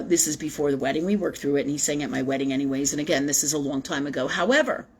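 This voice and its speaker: Husky, rambling spiritual talk show woman. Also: deep voice. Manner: rambling, emphatic, swears freely. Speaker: live show host. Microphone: webcam or phone on a live stream.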